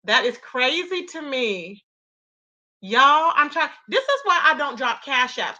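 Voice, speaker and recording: A woman's voice: sits high, big pitch swings, measured pace, bright, forceful tone. A woman hosting a casual gossip livestream, reading chat and reacting with lots of exclamations. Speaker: livestream host.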